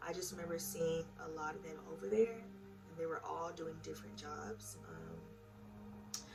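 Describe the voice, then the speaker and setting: A young woman with a low, gravelly voice tells her own story to her viewers in a chatty, emotional way, animated yet measured in pace. She sits a bit far from the mic, with background music playing.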